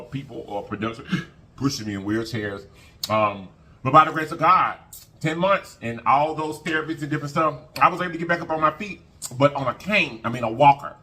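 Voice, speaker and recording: A man's voice: mid-range voice, pushed and bright. A man vlogging an emotional personal story to his viewers, talking casually, repeating phrases and often thanking God. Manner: colloquial, addresses viewers as y'all. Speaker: mukbang vlogger.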